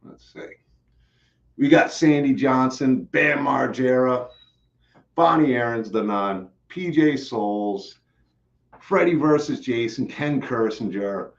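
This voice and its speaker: A man with a medium-pitched voice takes things slowly while hosting a live stream. He chats casually and rambles, repeating himself with many fillers and restarts, sounding a bit out of breath over slightly dull, lo-fi stream audio.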